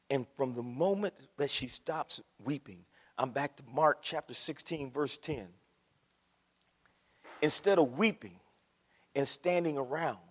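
A man preaching a sermon with passion, moving from a soft hush to near shouting. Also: medium pitch, breathy edge. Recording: long hall reverb.

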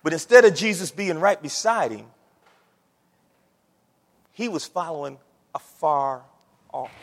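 Animated preacher in an echoing church. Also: male voice, fairly high pitch, measured pace. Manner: conversational preaching, calls out to the congregation. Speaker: pastor. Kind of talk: sermon.

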